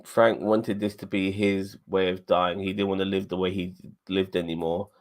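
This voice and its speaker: A man's voice: low voice, little pitch movement. A man co-hosting a live review, talking emotionally and stumbling over restarts. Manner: emotional, halting with many restarts. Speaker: podcast co-host.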